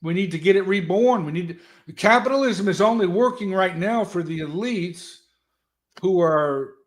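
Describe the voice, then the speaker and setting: A man telling stories as a guest in an animated, folksy, loud way. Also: high voice, moderate pace. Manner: animated, folksy storyteller who talks loud. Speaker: guest, political strategist. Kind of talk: casual motivational talk.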